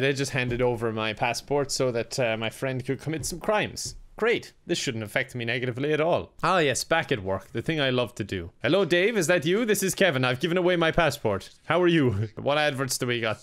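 A man's voice: medium pitch, brisk, few pauses, a bit bright. An Irish man commentating a video game as he plays, flustered, laughing and swearing often. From Ireland. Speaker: gaming video host. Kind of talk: let's play commentary.

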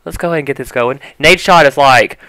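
A young man with a Southern country accent, gushing over a controller unboxing, flipping between hushed awe and loud excitement. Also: mid-range voice, fast, no echo, rough recording. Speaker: YouTuber.

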